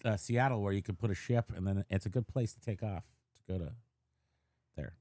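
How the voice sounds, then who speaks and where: A man's voice: on the low side, brisk, mellow, no echo. Joking, rambling man on a dry podcast mic. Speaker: podcast co-host. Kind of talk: casual podcast chat.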